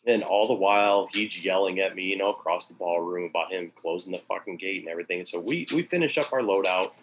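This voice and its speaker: A man's voice: low-pitched, fast talker, poor audio. A man casually telling a long work story, sprinkled with swearing and acted-out quotes. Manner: casual, profane, acts out quoted voices.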